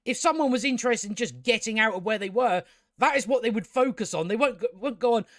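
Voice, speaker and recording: High-voiced, exasperated man ranting. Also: fast talker, fairly bright tone, no room sound, clean studio sound. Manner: exasperated, sweary, repeats himself. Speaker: TV review vlogger. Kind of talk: casual ranting review.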